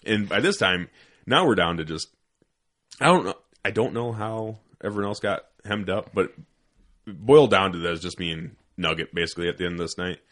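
Deep-voiced man telling a rowdy story. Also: expressive, fairly quick, a bit bright. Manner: profane, with frequent acted quotes. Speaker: guest, former Army sniper. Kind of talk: casual storytelling.

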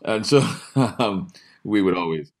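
A man's voice: lowish voice, unhurried. A man, an actor interviewed as a guest, telling stories in a playful, laughing manner. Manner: playful, laughing, animated storyteller. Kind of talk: anecdotal interview.

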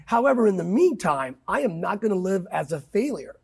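A man with a high, gravelly and husky voice preaches with fervor during a conversation. He leans hard on key words, cites scripture and swings up and down for emphasis. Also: very animated, fairly quick, darkish tone. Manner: emphatic, quotes scripture, swings pitch widely. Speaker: pastor guest.

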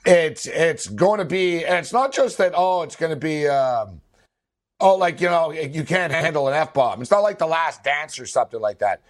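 A man co-hosting a casual sports talk show, with a slightly raised pitch. He rambles through his points, leaning on fillers and laughing often. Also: expressive, moderate pace. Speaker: sports podcast co-host.

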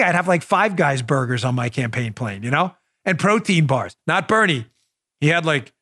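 A male talk show host with a high voice delivers political commentary. He is sarcastic and animated and speaks straight to his listeners. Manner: sarcastic, animated, talks to the audience directly.

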